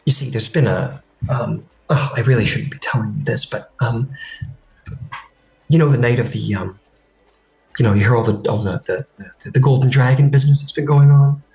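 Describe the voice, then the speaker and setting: A man's voice: medium pitch, normal speed, creaky, darkish tone, roomy sound, faint music behind, natural voice, poor audio. A man voicing a flustered, hesitant woman clerk in a tabletop game, stammering politely. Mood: confiding.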